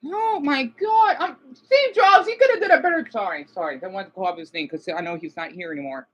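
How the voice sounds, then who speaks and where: A woman's voice: a little high, animated, brisk. A woman vlogger ranting casually, frustrated and swearing at her laptop.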